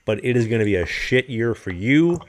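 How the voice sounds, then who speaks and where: A man co-hosting a podcast, chatting casually and telling animated stories with plenty of swearing. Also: medium pitch, a little fast. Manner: animated storyteller, swears freely. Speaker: podcast co-host.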